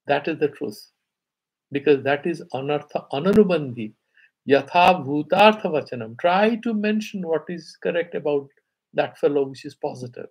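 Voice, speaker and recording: A man teaching a live scripture class in Indian English, explaining calmly and chanting Sanskrit verses with raised emphasis. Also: fairly high pitch, moderate pace, slightly rough, poor audio.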